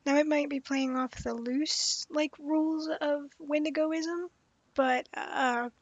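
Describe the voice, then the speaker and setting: Young woman game streamer with a high voice, blunt and animated commentary; dull, dry lo-fi recording. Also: takes it slowly, no room sound. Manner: animated, blunt, swears and laughs often. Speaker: streamer playing a story game. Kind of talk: casual livestream commentary.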